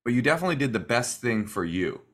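A man co-hosting an advice podcast in casual chat, trading deadpan, sarcastic jokes. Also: medium pitch, fast. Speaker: podcast co-host giving advice. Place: hotel room.

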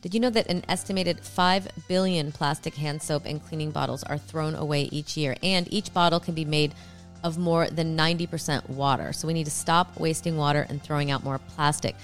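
A woman co-hosting a comedy podcast, chatting conversationally and asking quick follow-up questions. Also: deep voice, fairly even intonation, soft background music. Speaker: podcast co-host. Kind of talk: casual chat and host-read ads.

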